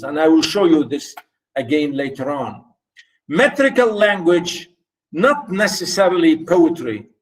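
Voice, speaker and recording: Slow, deliberate male lecturer from off-mic. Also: fairly high pitch, distant mic, rough recording. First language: Arabic. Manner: slow, repetitive, addresses students directly. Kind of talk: university lecture.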